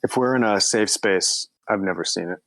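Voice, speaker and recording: Lower-voiced joking male co-host, dry sound. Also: normal speed, vocal fry, fairly bright tone, no echo. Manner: jokey, self-deprecating. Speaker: podcast co-host. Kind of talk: casual movie podcast chat.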